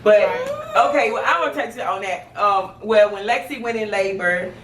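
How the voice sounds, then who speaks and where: A middle-aged woman, a grandmother, telling a family story in a lively, laughing way. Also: mid-range voice, normal speed, roomy sound, distant mic, a little hiss or hum. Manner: animated, laughing while telling stories. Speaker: grandmother of the child. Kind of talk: casual storytelling.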